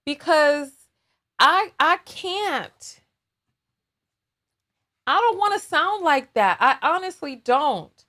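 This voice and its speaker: A woman's voice: high voice, lively intonation, takes it slowly, long pauses, sharp tone. A woman talking casually and emotionally on a livestream, repeating herself and thanking viewers. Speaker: vlogger and aspiring public speaker.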